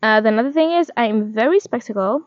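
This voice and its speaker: A woman's voice: a little high, lively intonation, fast talker, dry recording, dull audio. A twenty-year-old woman talking candidly in a casual confessional diary vlog, rambling and filling her sentences with "like". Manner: candid and rambling, heavy use of "like". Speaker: vlogger.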